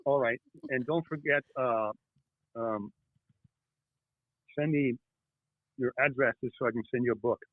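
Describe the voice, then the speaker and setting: A man, the guest author, telling animated stories in an interview, halting and restarting often. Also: mid-range voice, no echo. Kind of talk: storytelling interview chat. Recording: tinny phone-like line.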